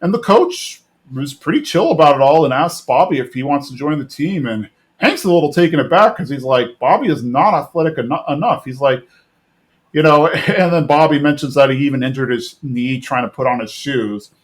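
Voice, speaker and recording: A man's voice: mid-range voice, animated, normal speed. A man hosting a podcast, casually recapping a cartoon episode in a rambling way with many fillers and restarts. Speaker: podcast host.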